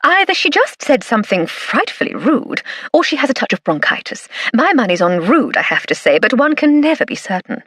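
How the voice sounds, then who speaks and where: A composed, witty aristocratic lady, read by a female narrator, speaks with dry understatement. Her voice is lively in pitch with a faint husk, in a close storybook reading. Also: a little fast, no echo. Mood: wry.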